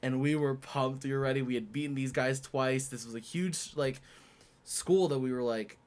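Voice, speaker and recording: A young man co-hosting a podcast, chatting casually and telling lively stories, acting out shouted quotes. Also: mid-range voice, moderate pace. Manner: animated storyteller, acts out quotes loudly. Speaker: podcast co-host. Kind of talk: casual chat.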